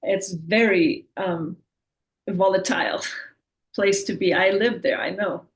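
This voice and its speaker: A woman giving an online talk as the speaker, relaxed and full of fillers and restarts, on a video call. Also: medium pitch, slow pace, rough recording.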